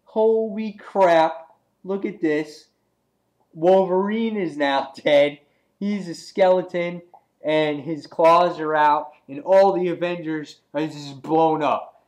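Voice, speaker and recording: A man giving a casual, excitable comic book review, rambling with lots of "he's like" asides. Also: a little high.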